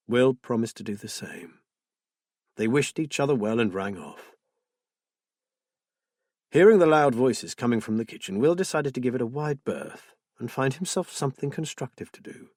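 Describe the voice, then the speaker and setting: A man narrating a crime thriller audiobook in a measured, subdued way, with a husky voice. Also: medium pitch, expressive, a little mellow, no echo, clean studio sound. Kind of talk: scripted narration.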